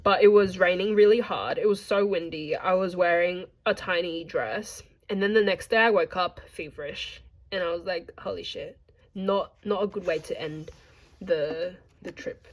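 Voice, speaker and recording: A woman's voice: fairly low pitch, moderate pace, poor audio. A young woman from Australia narrating a casual travel vlog, chatty and jokey, talking straight to her viewers. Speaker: vlogger.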